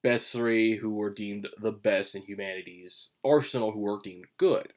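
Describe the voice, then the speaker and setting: A man's voice: lowish voice, normal speed, a little mellow. A man hosting a casual solo commentary video, rambling and chewing gum as he talks, with sudden emphatic bursts. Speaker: manga commentary video host.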